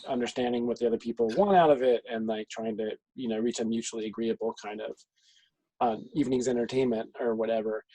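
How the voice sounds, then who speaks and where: A man's voice: medium pitch, steady tone, fast talker, mellow, poor audio. A man talking as game master in an out-of-game group discussion, reflective and thinking aloud.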